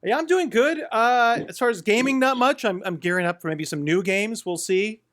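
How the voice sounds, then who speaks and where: A man's voice: high voice, moderate pace, fairly bright tone. A man co-hosting a tabletop game podcast, teasing and joking with the others. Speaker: podcast co-host. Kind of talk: casual chat.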